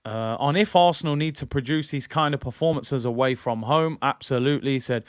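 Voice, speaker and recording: A man's voice: medium pitch, brisk, hardly any pauses, clean tone, no room sound, clean studio sound. A man hosting a football channel, giving casual fan commentary in a chatty, incredulous way and often apologizing.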